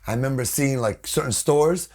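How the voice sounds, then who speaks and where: A man with a New York accent, a guest telling animated stories in a casual interview, swearing freely and acting out what others said. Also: mid-range voice, moderate pace. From Brooklyn, New York. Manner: animated, swearing, acts out quotes. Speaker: guest vocalist.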